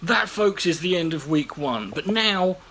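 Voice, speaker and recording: A man's voice: high-pitched, measured pace. A man delivering sarcastic, profane comedy commentary as host of his own show. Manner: profane, mocking, animated.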